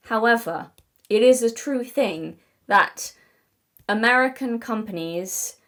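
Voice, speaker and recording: Chatty, exasperated British woman. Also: medium pitch. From Britain. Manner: chatty and digressive, with frequent restarts and apologies; emphatic and exasperated, with swearing. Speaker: video essayist. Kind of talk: casual commentary to camera.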